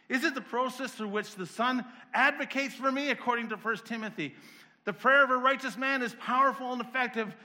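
A male preacher whose voice sits high and rings bright. He fires off rhetorical questions one after another, building each run toward fervent intensity. Between runs he drops in a wry, self-deprecating aside. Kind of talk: sermon.

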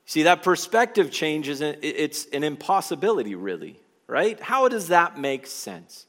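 A man preaching a sermon to a congregation in a church, conversational and animated, asking the room questions as he goes. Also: high-pitched, moderate pace, hardly any pauses.

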